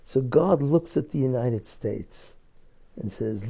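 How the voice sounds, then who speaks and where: An older man, a rabbi, giving an impassioned religious lecture full of rhetorical questions, swinging between loud outbursts and hushed asides. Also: on the high side, animated, measured pace, gravelly.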